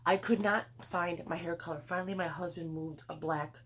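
A woman's voice: lowish voice, steady tone, brisk, a bit bright, a little hiss or hum. A middle-aged woman chatting at home in a rambling haul vlog, swearing freely as she talks. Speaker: vlogger. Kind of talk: casual haul vlog chat. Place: home, indoors.

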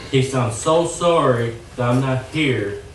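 Young male churchgoer, earnest testimony, halting with fillers, distant and echoey. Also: medium pitch, a little hiss or hum. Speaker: church member giving testimony. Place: church sanctuary.

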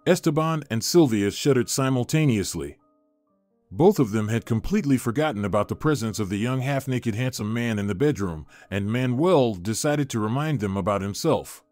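A man's voice: mid-range voice, animated, normal speed, darkish tone, no echo, soft background music. Man narrating a dramatic story.

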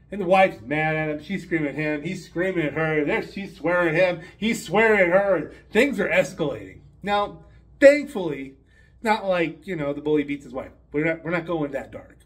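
Animated man in his fifties telling a joke. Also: a little high. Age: 50s. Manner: animated, rambling storyteller. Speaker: storyteller. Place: hotel room.

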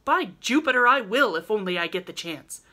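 A woman's voice: on the low side, normal speed. Woman voicing an impatient teenage boy. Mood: impassioned. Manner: excited, emphatic outbursts.

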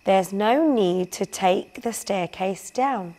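A woman's voice: mid-range voice, takes it slowly, mellow. Woman reading as a clever practical boy. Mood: earnest. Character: clever helpful young boy.

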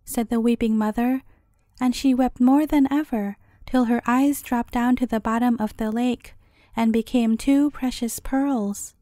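A woman narrating a fairy tale as a gentle, measured bedtime story reading. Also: on the high side, steady tone, no echo, studio quality.

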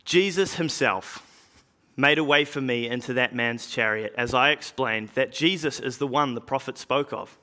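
A man's voice: medium pitch, bright, forceful tone, lightly acted. A man playing an early Christian evangelist, telling his story in a dramatic first-person monologue for a church drama. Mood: earnest. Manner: earnest storytelling with slow, weighty pauses.

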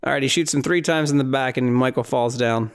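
Smooth-voiced man recapping a movie. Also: medium pitch, a little fast. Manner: rambling, incredulous, laughing at the film. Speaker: podcast host.

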